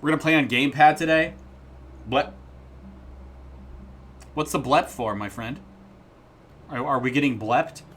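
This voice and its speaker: Bright-voiced man rambling on a dev stream. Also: medium pitch, a little slow, pauses often. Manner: rambling, playful, jokey asides. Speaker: indie game developer streaming his work. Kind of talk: casual live-stream chat.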